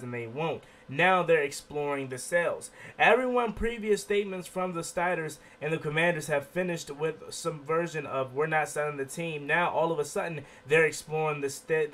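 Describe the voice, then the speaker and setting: A man hosting his own sports video, talking excitedly and rambling, often repeating "okay?", a bit under the weather. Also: a little high. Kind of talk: excited casual sports commentary.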